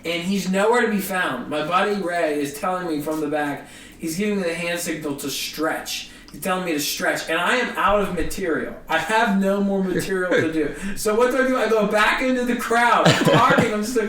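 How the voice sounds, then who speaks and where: A young man, a guest comedian, telling a story in a casual, animated way and acting out the people in it. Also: sits high, fairly quick, recorded from a distance. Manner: animated, acts out other people's voices. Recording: roomy echo, a bit off-mic, faint hiss.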